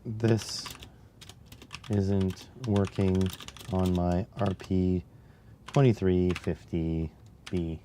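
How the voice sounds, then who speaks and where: A man's voice: low-pitched, fairly even intonation, very slow, pauses often, dark tone, slight background noise. A man hosting a casual live stream while he codes, losing his voice and muttering to himself between answers to his chat, on a clip-on mic. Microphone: clip-on mic near the chest.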